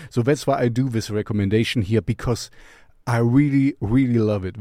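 Male music-channel host, unhurried and jokey, dry close sound. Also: mid-range voice, dark tone, no echo. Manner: chatty, playful self-mocking humor. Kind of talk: casual music recommendation.

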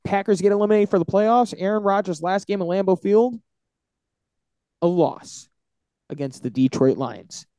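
Male podcast co-host, slightly high, mellow tone, dry close mic, hype-driven picks delivery. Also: normal speed, long pauses, clean tone, no room sound. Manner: animated, hyping his picks. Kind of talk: casual sports picks chat.

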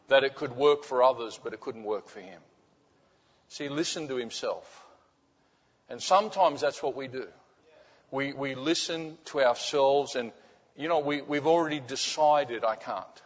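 A middle-aged pastor preaches a sermon, telling a personal story and repeating his key phrases softly. His voice rings through a large hall with a long reverb. The recording is somewhat dull and muffled. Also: medium pitch. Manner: storytelling, repeats phrases for emphasis, drops to soft.

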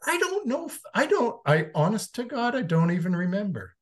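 A man from Canada, an interview guest, telling a personal story in a frank, conversational way, swearing casually and moving between calm and emphatic. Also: sits high, normal speed.

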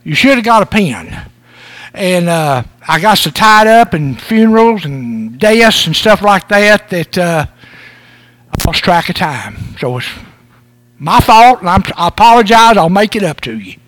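A man's voice: high-pitched, very animated, a little slow, fairly bright tone, no echo. A man, a pastor giving a sermon on Father's Day in a folksy, joking, conversational way. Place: church service.

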